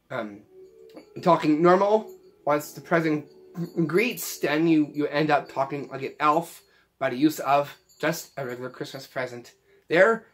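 A man's voice: fairly high pitch, a bit bright. Rambling man explaining magic tricks. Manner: rambling, repeats phrases. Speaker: magic tutorial host. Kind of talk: casual magic tutorial. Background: faint Christmas music.

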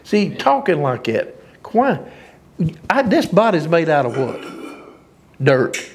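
A man's voice: a little high, sing-song, takes it slowly, a little hiss or hum. A man preaching an informal sermon, folksy and emphatic, often laughing at his own lines.

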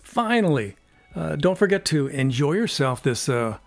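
A man in his seventies from California, rambling through a casual unboxing review at home, pausing often on fillers and chuckling. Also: on the high side, very animated, creaky, no room sound, soft background music. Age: 70s. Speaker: YouTube product reviewer.

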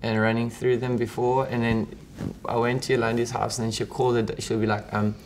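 A man's voice: medium pitch, flat delivery, fairly quick, a little mellow, slight background noise. A South African man talking as an interview guest, rambling and swearing freely, with many "like" fillers. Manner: rambling, profane, full of "like" fillers. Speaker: musician and actor, guest. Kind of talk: casual interview chat.

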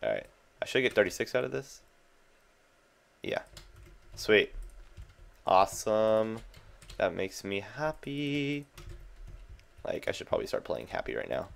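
Low gravelly young man commentating a game. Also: huge pitch swings, a little fast, pauses often, a bit bright. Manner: chatty, self-amused, jumpy reactions. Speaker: gaming channel host.

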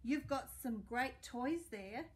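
A woman voicing a gentle, kind male sausage dog in a storybook, speaking slowly and mildly. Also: sits high, animated.

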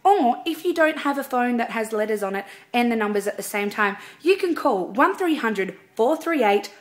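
A perky female ticket sales clerk, voiced by a woman reads out numbers and web addresses with a bubbly, upbeat sales-pitch lilt. Her voice sits higher and brighter than an everyday speaking voice. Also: lively intonation, moderate pace, lightly acted. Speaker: singer.

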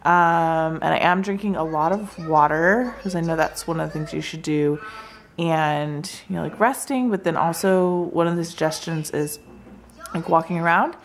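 A young woman hosts a home vlog from her living room couch, sounding tired and in some pain. Her voice sits a little low and she chats casually to the camera, laughing here and there. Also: normal speed. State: in pain from contractions. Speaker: vlog host.

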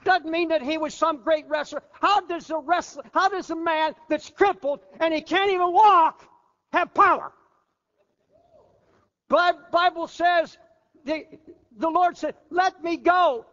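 An older man delivers a fervent sermon from the pulpit in a very high voice. The sound is dull and lo-fi, and a long hall reverb trails each phrase. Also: unhurried, pauses often. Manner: fervent preaching, drops low and quiet for the voice of the flesh. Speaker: pastor.

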